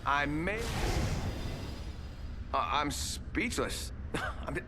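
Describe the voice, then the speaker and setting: A flamboyant male hero from a video game, boasting in a theatrical, playful way. The line plays as game audio. Loud gunfire and engine noise sit over it. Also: on the high side, lively intonation, very slow.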